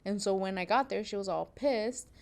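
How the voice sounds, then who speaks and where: A woman's voice: medium pitch, normal speed, gravelly. A young woman hosting a podcast from a sewing studio, telling a story in a casual, profane way and acting out what people said. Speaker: podcast host, seamstress.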